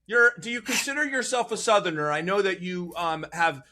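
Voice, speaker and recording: A historian hosting a podcast, asking questions in a loose, conversational way. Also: male voice, high voice, animated, fairly quick, sharp tone. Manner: conversational, loose with fillers and restarts. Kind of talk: casual interview.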